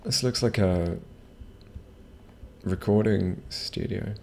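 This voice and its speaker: A man's voice: low voice, takes it slowly, vocal fry, a little hiss or hum. A man casually commenting while streaming a video game, rambling with self-mocking jokes and asides to chat. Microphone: desk microphone.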